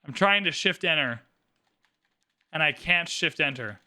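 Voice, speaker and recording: A man commentating a live game stream, excitable and theatrical, swinging from shouts to mumbled asides. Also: fairly high pitch, a little slow. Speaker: livestream host commentating an AI game tournament.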